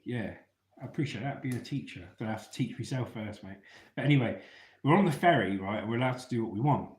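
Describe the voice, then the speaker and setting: A man's voice: lowish voice, a little mellow. Chatty man telling stories in an echoey room. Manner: chatty, calls listeners mate. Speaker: ex-soldier live-stream host. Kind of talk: casual live-chat storytelling.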